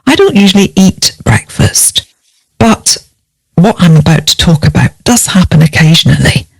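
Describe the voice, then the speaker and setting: Female teacher, lowish voice, dry close sound, measured and clear. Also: very animated, dry recording. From United Kingdom. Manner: spells words out letter by letter, clear and measured. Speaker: English teacher. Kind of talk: scripted vocabulary lesson.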